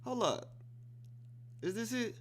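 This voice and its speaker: Animated man reacting to a film. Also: very high voice, slow pace, noisy background. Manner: excited, profane, storytelling. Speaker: reaction video host. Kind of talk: casual reaction commentary.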